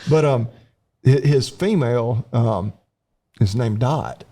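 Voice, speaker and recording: A man with a Southern American accent, co-hosting a podcast and telling stories with animated, mocking asides. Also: mid-range voice, takes it slowly. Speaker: podcast co-host. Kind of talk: casual podcast chat.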